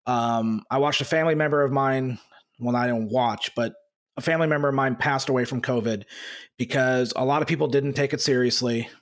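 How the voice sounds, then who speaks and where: A man hosting a basketball podcast, talking in an angry, halting way with many fillers and restarts. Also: mid-range voice, fairly even intonation. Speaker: podcast host. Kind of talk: casual podcast talk.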